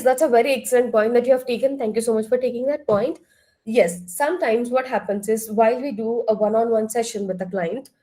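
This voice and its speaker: A woman leading an online counseling workshop, asking the group questions and now and then clearing her throat. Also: on the high side, mellow. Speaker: workshop trainer. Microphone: laptop far across the room.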